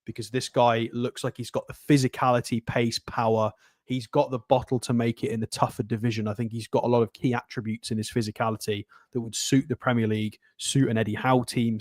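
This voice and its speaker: Man, casual football chat, quick analytical delivery, dry close sound. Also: medium pitch, darkish tone, no room sound. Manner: chatty, fast, analytical. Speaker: co-host.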